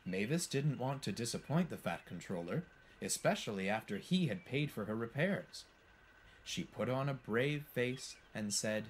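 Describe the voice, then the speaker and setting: Guy reading a storybook out loud, super lively and up-and-down. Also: mid-range voice, normal speed, slight background noise. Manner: expressive, animated. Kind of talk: scripted storybook narration.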